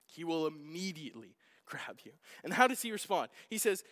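A middle-aged man preaching a sermon as a pastor, telling a personal story with acted-out shouts. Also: fairly high pitch, moderate pace, hardly any pauses. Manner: animated storytelling, acting out his own shouts. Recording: long hall reverb.

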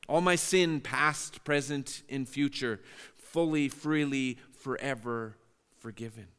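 A man's voice: mid-range voice, slow pace, a bit bright, smooth. Male pastor preaching in a reverberant hall. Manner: earnest, with frequent word repeats and restarts. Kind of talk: sermon.

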